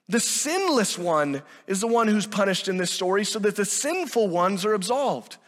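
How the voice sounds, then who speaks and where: A man with a high voice preaches a sermon with emphatic delivery, acting out the lines of the people he quotes. His voice carries a long reverb, as if he is speaking in a large hall. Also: sing-song, normal speed, hardly any pauses, a bit bright. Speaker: pastor.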